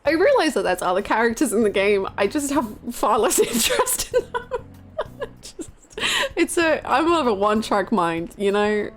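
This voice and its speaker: A woman's voice: a little high, big pitch swings, moderate pace, soft background music. A woman streamer chatting casually and rambling, giggling as she gushes over a game character. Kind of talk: casual live-stream chat.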